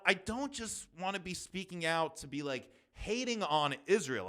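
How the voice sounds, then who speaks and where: A young man hosting a solo podcast, talking fast and rambling with lots of fillers and restarts. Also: sits high, bright, forceful tone. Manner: fast, rambling, talks quickly with many fillers. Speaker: podcast host.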